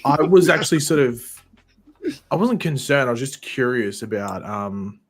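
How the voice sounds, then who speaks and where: A man's voice: mid-range voice, animated, normal speed. A man with an Australian accent, chatting loosely on a panel stream with many restarts and fillers. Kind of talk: casual panel chat.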